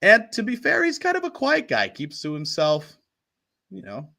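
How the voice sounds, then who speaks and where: A man runs a tabletop game as game master, narrating scenes and talking with his players. He is chatty and laughs often. His voice is bright and sits a little high. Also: huge pitch swings, moderate pace, gravelly.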